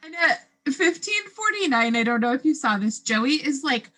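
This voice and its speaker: A woman's voice: sits high, big pitch swings, moderate pace, fairly bright tone. A woman co-hosting a casual podcast, reading out timestamps and reacting with playful disgust. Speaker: podcast co-host. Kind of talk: casual rewatch chat.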